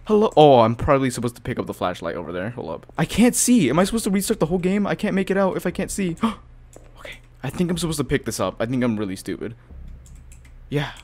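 A gaming YouTuber with a fairly high-pitched, darkish voice talks very animatedly and fast over horror gameplay. He's jumpy and panicky, gasping, swearing and letting out nervous laughs.

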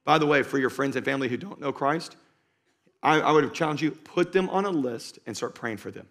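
A man preaching a sermon to a live congregation as pastor, driving points home by repeating them and moving between loud urging and slow, quiet emphasis. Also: mid-range voice. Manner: emphatic, repeats key lines for stress. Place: church stage before a live congregation.

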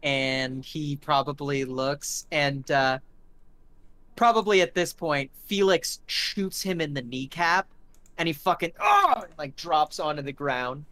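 A man's voice: a little high, unhurried, fairly bright tone. A man narrating as game master, setting gory scenes vividly with many fillers.

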